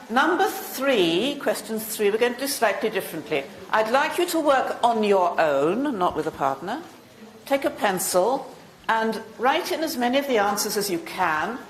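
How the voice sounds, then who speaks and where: A British woman with a fairly low-pitched voice leads a teacher-training workshop, putting quiz questions to the audience and briskly confirming their answers. The room sounds echoey.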